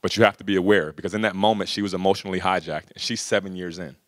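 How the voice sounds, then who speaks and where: A man's voice: deep voice, fairly even intonation, rapid-fire, no echo, studio quality. A middle-aged man speaking casually to an audience, telling stories with lots of "you know" and "right?". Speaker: speaker at a workshop. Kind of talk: casual storytelling talk to an audience.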